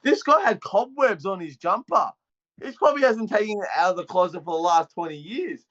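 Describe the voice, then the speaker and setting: A man's voice: high voice, lively intonation, fairly quick, fairly bright tone, dull audio. An Australian man co-hosting a footy podcast, delivering a mocking, fired-up comic rant. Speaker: podcast co-host. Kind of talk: casual chat with a comic rant.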